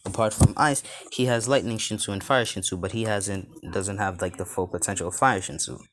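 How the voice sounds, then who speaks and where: A man's voice: fairly low pitch, steady tone, a little fast, background noise. A young man improvising a fan fiction story, rambling and restarting sentences as he goes.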